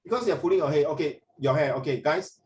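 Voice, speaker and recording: A man's voice: fairly high pitch, fast, darkish tone, reverberant, distant mic. A male teacher with a Singaporean accent, chatting through an online class in Singlish and bits of Mandarin.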